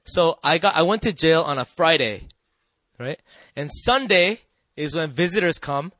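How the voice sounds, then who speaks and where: A man giving a personal testimony to an audience, telling his story earnestly and often checking in with the listeners, sometimes dropping soft and quiet. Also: fairly high pitch, animated, unhurried, no room sound. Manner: earnest and emotional, drops soft and quiet at tender moments. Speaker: speaker sharing a personal testimony.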